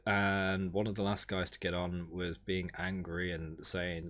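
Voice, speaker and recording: A man streaming, casually recapping a holiday over his photos in a rambling, wry way, with sudden excited jumps in pitch. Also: unhurried.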